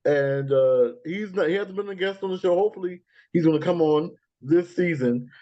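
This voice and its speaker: A chatty man hosting a countdown show, speaking casually and often laughing. His voice is fairly high and mellow. The recording sounds dull and lo-fi. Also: moderate pace. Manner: chatty, with frequent fillers and laughs. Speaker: podcast host.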